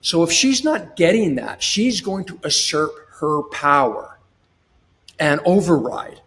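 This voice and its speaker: A man with a fairly high speaking voice explains his coaching ideas in a podcast interview. He restarts sentences often and slips into acted-out little scenes. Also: lively intonation, slow, fairly bright tone. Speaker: relationship coach.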